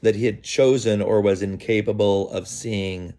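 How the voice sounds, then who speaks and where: Low-voiced man telling a story outdoors. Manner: relaxed, halting, many fillers and restarts. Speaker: vlogger. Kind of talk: casual storytelling to camera. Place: outdoors in the early morning.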